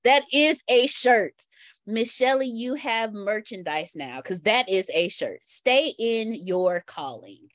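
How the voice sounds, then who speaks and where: A woman hosts a casual online call, her pitch bouncing around as she laughs and repeats her favorite phrases. The sound is dry and close, with no room echo. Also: expressive, slow pace. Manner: laughing, playful, repeats catchphrases. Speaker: host of an online community call. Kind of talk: casual chat.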